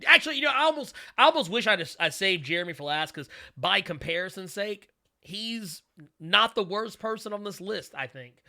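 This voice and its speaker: A man hosts a casual live-stream, his voice very bright and ringing and sitting a little high. He rambles in an animated way, full of restarts and quick asides to his viewers. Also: smooth. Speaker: host.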